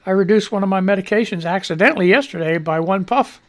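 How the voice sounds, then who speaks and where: Hosting a live radio show, this man talks quickly in a voice that sits high, and you can hear he's short of breath. His chat is casual and rambling, with loud greetings and plenty of free swearing.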